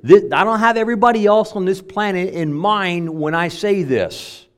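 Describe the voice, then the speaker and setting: A male pastor preaching a sermon in a conversational way, slowing down and leaning hard on key words. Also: high voice.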